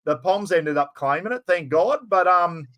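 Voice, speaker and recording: A man's voice: sits high, moderate pace, sharp tone, lo-fi sound. An Australian man hosting a podcast, talking in a laid-back, casual way and swearing now and then. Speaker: podcast host. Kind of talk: casual chat.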